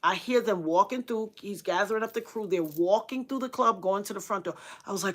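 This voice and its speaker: Speaking a little fast and hardly pausing, a middle-aged woman relays a story to her livestream audience with earnest drama. Phrases get repeated for emphasis, and when she quotes other people she erupts into sudden loud, high bursts.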